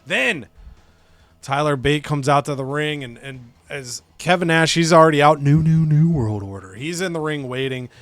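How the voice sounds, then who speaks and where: A male let's play host recaps a wrestling management game in a loose, chatty way. He is animated and profane, with a slightly higher voice than most men. His mic sound is close and dry. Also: moderate pace, no room sound. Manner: animated and profane, acting out characters' quotes. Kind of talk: casual game recap commentary.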